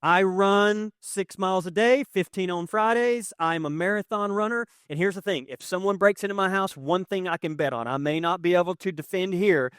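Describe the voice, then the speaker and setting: Animated storytelling male pastor. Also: sits high, normal speed, few pauses, clear, resonant tone, no room sound, clean studio sound. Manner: animated, conversational, self-deprecating humor. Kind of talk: sermon with personal storytelling.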